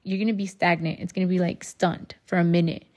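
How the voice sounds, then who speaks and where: A woman's voice: lowish voice, flat delivery, brisk, a little mellow. Woman podcast host, solo monologue, candid and rambling, heavy casual swearing. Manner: addresses listeners as y'all.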